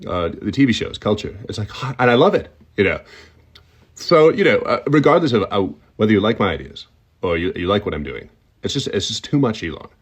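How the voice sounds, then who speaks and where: A middle-aged tech-mogul type, as a comedian puts him on, trips over his words, repeating them in bursts of stutter before a sentence comes out clean. His S's hiss and whistle from the front of the mouth, and the voice sits a touch low. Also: big pitch swings, a little fast, husky. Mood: earnest. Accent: sibilant front-of-mouth accent, slightly whistling S. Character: halting stammering tech-mogul man, awkward and rambling. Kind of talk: comic impression.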